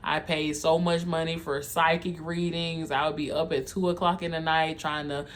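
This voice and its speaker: A young adult video creator candidly telling a personal story, heartfelt and halting, speaking straight to viewers as y'all. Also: medium pitch, flat delivery, a bit bright, a little hiss or hum. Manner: halting, with frequent um and like.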